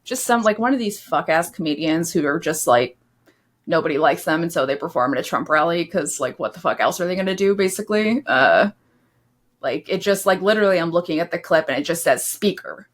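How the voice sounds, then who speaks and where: A woman's voice: on the low side, expressive, fairly quick. Laughing, blunt woman co-host. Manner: laughs often, blunt and profane. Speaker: podcast co-host. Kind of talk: casual podcast chat.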